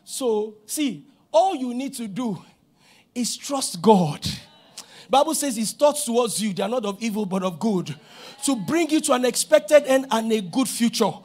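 Nigerian pastor, middle-aged man, very high voice, animated sermon delivery with bursts of shouting. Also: a little slow. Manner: animated preaching, shouting at peaks, acting out dialogue.

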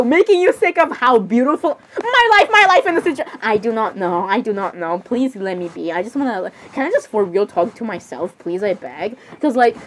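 A woman running a solo role-play, switching quickly between the voices of many characters and giggling often. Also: medium pitch, slight background noise.

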